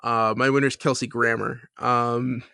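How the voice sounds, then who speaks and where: A man's voice: medium pitch, little pitch movement, a little slow, creaky, pushed and bright, smooth, no echo. A man co-hosting a podcast in casual chat, rambling with many fillers and restarts, laughing as he retells a scene. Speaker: podcast co-host.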